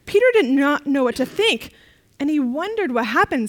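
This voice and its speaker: A woman leading a children's talk in a church service, telling a story in a playful, animated way and getting the kids to repeat refrains. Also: sits high, moderate pace, rough recording.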